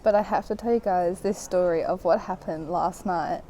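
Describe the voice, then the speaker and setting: A woman's voice: fairly low pitch, moderate pace, warm tone, a little hiss or hum, poor audio. A young woman from Australia chatting through a casual travel vlog, telling stories with lots of "like" fillers. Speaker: travel vlogger.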